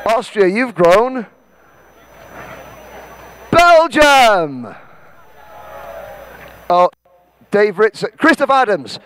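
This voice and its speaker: High-voiced Welsh man directing a crowd. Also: very animated, extremely slow, long pauses, a little hiss or hum. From Wales. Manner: bossy, joking, shouts out names. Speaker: event host. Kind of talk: directing a crowd and calling a roll.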